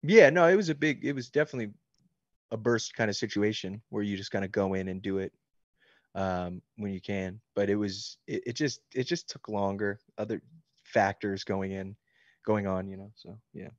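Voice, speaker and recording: At a book signing, an author answers fan questions in a fairly low voice at a moderate pace, joking and swearing freely as he signs. The talk is a candid, casual interview chat. The audio is dull, with no echo.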